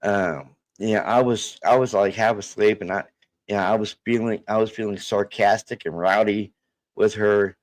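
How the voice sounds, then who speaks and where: A man's voice: fairly low pitch, steady tone. A middle-aged man, telling a family story in a rambling casual way, full of restarts and fillers. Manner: halting, many restarts and fillers, acts out quoted voices.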